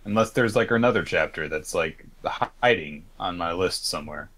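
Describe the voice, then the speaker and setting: A man's voice: deep voice, animated, moderate pace, fairly bright tone. A man co-hosting a podcast, retelling a story in a rambling casual chat with lots of fillers and the odd swear. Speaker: podcast co-host.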